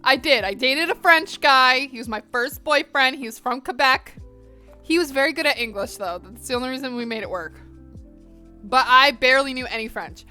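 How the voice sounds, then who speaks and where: Chatty American woman, bright and lively. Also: high voice, normal speed, smooth, soft background music. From northern United States. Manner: chatty and animated, talking straight to viewers. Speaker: live stream host. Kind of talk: casual chat while coloring.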